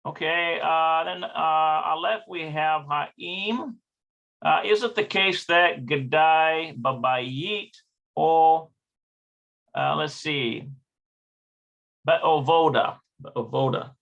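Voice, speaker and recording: A man leads an unhurried online language lesson, hesitating and checking each pronunciation as he goes. His voice sits a little high, with a bright tone and a gravelly fry. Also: dull audio. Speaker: Hebrew teacher.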